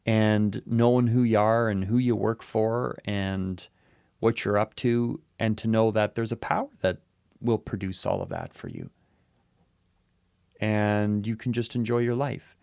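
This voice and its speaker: A man's voice: on the low side, unhurried, gravelly, long pauses, a little mellow, clear, resonant tone, no room sound, clean studio sound. A man co-hosting a podcast who muses in casual talk and repeats short phrases as he works through an idea. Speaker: podcast co-host. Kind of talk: casual reflective chat.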